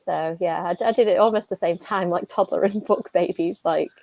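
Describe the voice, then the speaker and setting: A woman's voice: on the low side, a little fast, vocal fry, a little mellow, no room sound, low-quality recording. A woman in her thirties, an author hosting a casual writing-sprint chat, talking in a chatty, self-deprecating way and laughing often.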